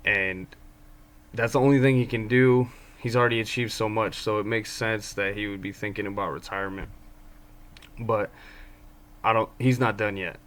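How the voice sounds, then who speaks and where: A man's voice: on the low side, steady tone, normal speed, pauses often, a bit bright. A man giving casual basketball commentary as a fan of his team, rambling with many ums and restarts. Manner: fan talking about his own team.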